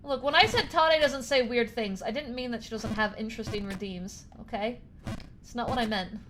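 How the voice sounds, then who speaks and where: Chatting casually on a live stream while gaming, a young woman rambles, pokes fun at herself and laughs a lot. She speaks at a moderate pace in a fairly high voice, against a noisy background.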